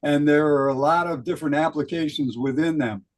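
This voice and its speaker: A man giving an earnest networking pitch about his business, pausing on a few words. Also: poor audio. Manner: earnest, hesitant, some restarts. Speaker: business owner.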